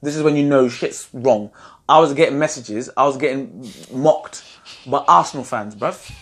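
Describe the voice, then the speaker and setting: A man's voice: medium pitch, normal speed. A man, co-hosting a casual football fan chat and ranting animatedly about his team. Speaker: football fan channel host.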